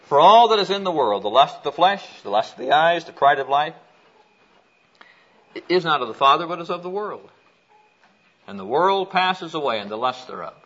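A man preaching a sermon, telling a personal story and reading scripture aloud in an animated way. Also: fairly high pitch, normal speed, long pauses. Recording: dull lo-fi recording.

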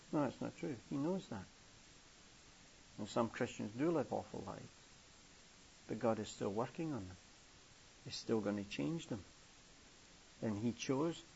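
An older man from England preaching a storytelling sermon, acting out characters' voices inside his stories. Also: gravelly. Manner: acts out children's voices in a high pitch within stories. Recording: muffled, hissy old tape.

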